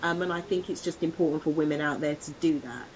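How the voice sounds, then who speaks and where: A woman's voice: sits low, fast, lo-fi sound, slight background noise. A woman co-hosting a podcast, telling a personal story in a casual chat and acting out the voices of others. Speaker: podcast co-host.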